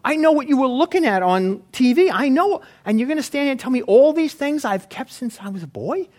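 Man doing a disbelieving, defensive guy, high voice, swooping wildly, keeps repeating himself. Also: animated, fairly quick, a little mellow. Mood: incredulous. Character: incredulous man, indignant and defensive.

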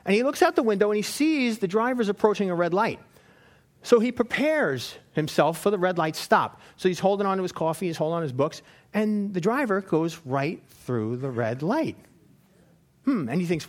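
A man giving a sermon in a lively, storytelling way, asking the same questions again and again. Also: sits high, brisk. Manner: animated storytelling with repeated questions. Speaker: lay preacher.

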